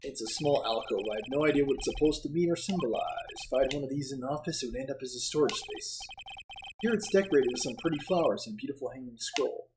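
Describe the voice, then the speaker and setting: A streamer reads game text aloud in a let's play, chatting casually and often laughing at their own delivery. The voice is mid-range, expressive and fast, with a noisy background.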